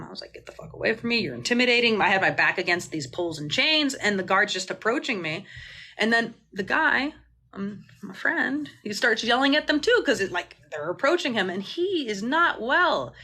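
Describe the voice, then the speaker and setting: A woman's voice: mid-range voice, very animated, normal speed, bright, forceful tone, slightly rough. A woman mutual aid organizer on a phone livestream, talking passionately and indignantly, swearing freely and rambling with restarts. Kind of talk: livestream Q&A rant.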